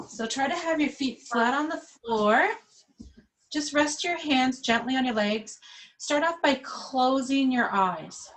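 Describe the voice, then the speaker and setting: A woman yoga instructor leading a class over a webcam, giving calm, slow guided instructions. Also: on the high side, slight background noise, rough recording.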